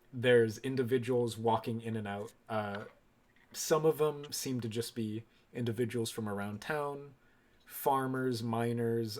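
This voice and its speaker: A man's voice: lowish voice, slight background noise. Male game master, easygoing narration with many fillers. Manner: relaxed, with frequent ums and uhs. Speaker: dungeon master.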